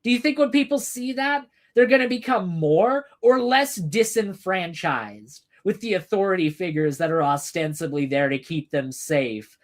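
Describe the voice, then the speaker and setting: Woman ranting angrily, low-pitched and profane. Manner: angry, profane, sarcastic, addressing commenters by name. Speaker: livestream host answering chat. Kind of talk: heated political rant.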